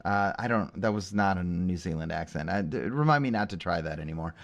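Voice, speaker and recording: A man's voice: deep voice, brisk, creaky, lo-fi sound. A man co-hosting a podcast in casual chat, joking and teasing his co-host.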